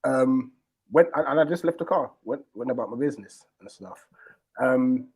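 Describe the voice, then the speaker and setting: A man telling a long personal story in casual chat, animated and full of slang and fillers. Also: mid-range voice, normal speed, husky, poor audio. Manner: animated, acts out quoted people in a raised voice. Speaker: stream host.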